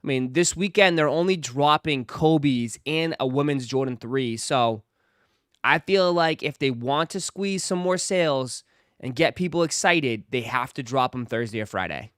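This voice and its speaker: A man's voice: medium pitch, expressive, measured pace, a bit bright, smooth, no echo, clean studio sound. A man hosting a casual livestream, talking straight to his chat viewers and repeating phrases for emphasis. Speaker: livestream host.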